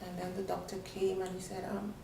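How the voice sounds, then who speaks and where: A woman's voice: medium pitch, a little fast, vocal fry. Woman, roomy distant mic. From Tobago. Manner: animated, acts out the voices of others in her story. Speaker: guest. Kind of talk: personal storytelling on a talk show. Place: studio. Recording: roomy sound from a distant mic, faint noise.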